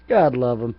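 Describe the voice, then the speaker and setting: A man hosting a live chat broadcast, rambling in a profane, taunting and mocking way. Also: medium pitch. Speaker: chat room moderator. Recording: dull lo-fi, dry.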